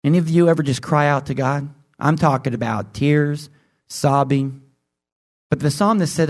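A man preaching a sermon, emphatic and full of questions to his congregation, swinging between loud high emphasis and low intense asides. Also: measured pace. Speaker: pastor.

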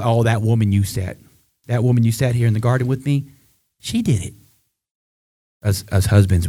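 A man preaching a sermon with fervent rhetorical questions, his voice rising high to drive points home. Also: dark tone, slightly rough.

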